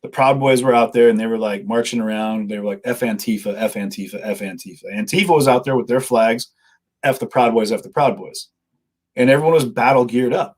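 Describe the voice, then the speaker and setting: Fast rambly guy telling stories, husky voice, keeps quoting people. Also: mid-range voice. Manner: rambling storytelling, quotes himself and others. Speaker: live-streamer guest. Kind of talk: casual conversation.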